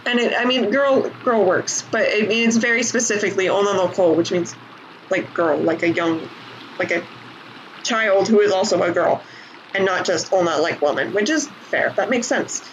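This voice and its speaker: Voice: medium pitch, moderate pace, muffled recording, a little hiss or hum. A vlogger casually explaining language points while playing a game, rambling and correcting themself often. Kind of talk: casual commentary with language teaching. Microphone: desk mic while playing, no camera. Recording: game music loud under voice.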